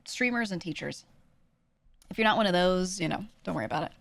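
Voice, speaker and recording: A woman streamer chatting casually with her viewers, talking quickly and lightly projecting her voice for the mic. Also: lowish voice, lively intonation, vocal fry, no room sound. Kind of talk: casual chat answering a livestream chat.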